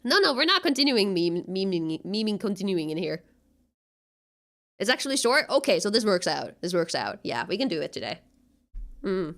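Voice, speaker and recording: A young woman streamer chatting casually and excitably with her viewers, often giggling. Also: mid-range voice, moderate pace. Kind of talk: casual live-stream chat.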